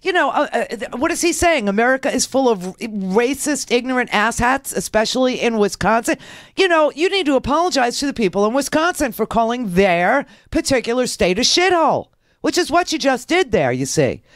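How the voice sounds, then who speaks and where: Sarcastic, animated woman radio host. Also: fairly high pitch, a little fast, no room sound, clean studio sound. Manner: animated, sarcastic, rambling with many restarts. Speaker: radio talk show host. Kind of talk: talk radio political commentary.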